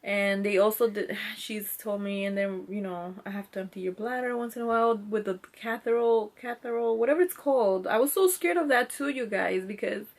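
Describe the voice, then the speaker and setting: A young mother in her twenties talks straight to her viewers in a loose, rambling vlog style. Her voice sits at an ordinary middle pitch, and she keeps stopping to apologize and start over. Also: fairly quick, hardly any pauses. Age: 20s. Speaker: mom vlogger. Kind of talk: casual storytelling to camera.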